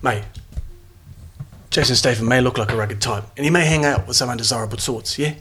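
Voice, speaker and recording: A man's voice: mid-range voice, brisk, fairly bright tone, slight background noise, natural voice. A man voicing a cocky, laid-back action star who calls everyone mate, in a tabletop game. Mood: swaggering.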